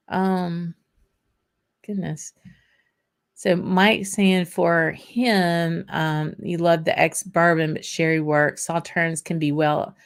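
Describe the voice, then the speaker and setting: Southern woman host, low and unhurried, loose chatty livestream talk full of ums. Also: gravelly. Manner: chatty, drawling, with frequent ums and laughs. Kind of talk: casual chat reading viewer comments.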